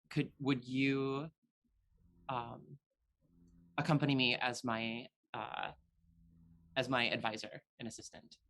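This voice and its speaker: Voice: mid-range voice, a bit bright. A tabletop game player describing their character's actions, hesitant with many fillers.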